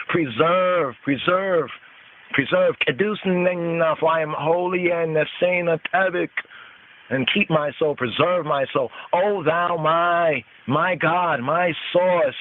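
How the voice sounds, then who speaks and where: A man leads a slow devotional scripture study, chanting each verse and then turning its words over one at a time. His voice sits fairly high and moves at an unhurried pace. It comes through as thin, tinny phone-line audio. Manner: chanting verses, then repeating and expounding word by word. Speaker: podcast host teaching scripture.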